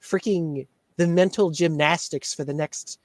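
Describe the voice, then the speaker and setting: Animated ranting man, dry close mic. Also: measured pace, dry recording. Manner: ranting, mimics others in a higher voice. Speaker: shirt shop owner. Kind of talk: casual chat.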